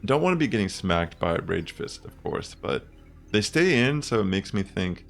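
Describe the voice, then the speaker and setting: A young man casually commenting on his own online game matches, chatty and relaxed, thinking aloud with fillers. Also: fairly low pitch, normal speed, creaky, soft background music. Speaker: gaming content creator.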